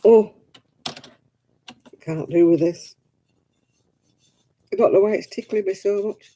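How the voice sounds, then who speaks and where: A woman's voice: mid-range voice, takes it slowly, dark tone, low-quality recording. An older woman, chatting and telling stories with a giggle while she crafts over a video call from home. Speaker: craft stream host. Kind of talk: casual chat while crafting.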